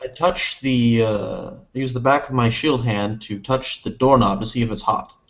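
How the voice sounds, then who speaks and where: A man plays a tabletop game, talking through his character's actions in the first person and correcting himself mid-sentence. His voice sits at a middle pitch. The recording sounds dull and lo-fi. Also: steady tone, normal speed, vocal fry, a little hiss or hum. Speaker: player.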